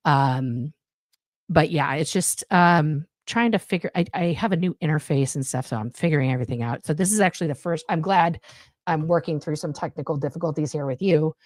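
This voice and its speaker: Low-voiced woman rambling on a live stream. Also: fairly quick, a little mellow, no room sound, studio quality. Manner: rambling, many fillers and restarts. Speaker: guest. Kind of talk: casual chat on a live stream. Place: home room. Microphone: budget USB mic, home setup.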